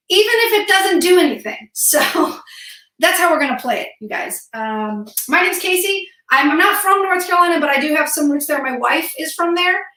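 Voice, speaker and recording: A woman's voice: high voice, pushed and bright. A woman from Florida doing stand-up over a video call, teasing and self-deprecating. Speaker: stand-up comic. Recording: roomy, distant video call audio.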